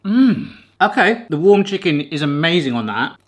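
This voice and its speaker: A man's voice: on the high side, sing-song, moderate pace. A middle-aged man from Bristol with a mild Bristolian accent, hosting a cooking vlog and chatting jokily while he cooks and tastes in a home kitchen. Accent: mild Bristolian English. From Bristol, England. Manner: chatty and jokey, talks while cooking and tasting. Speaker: cooking video host. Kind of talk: casual cooking vlog chat.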